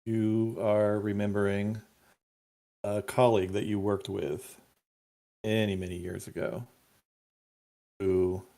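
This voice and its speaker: A man runs a tabletop game in an unhurried, gravelly voice that sits a little low. He laughs easily and pauses to think, filling gaps with ums and uhs as he reads out rules. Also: a little mellow. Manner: unhurried, laughs often, thinks aloud with fillers. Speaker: game master.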